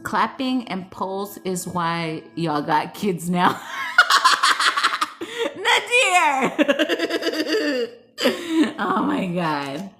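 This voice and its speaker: A woman's voice: on the low side, takes it slowly, few pauses, fairly bright tone. A woman hosting a casual livestream, reading chat and giggling often, switching between English and Spanish in a playful, teasing way.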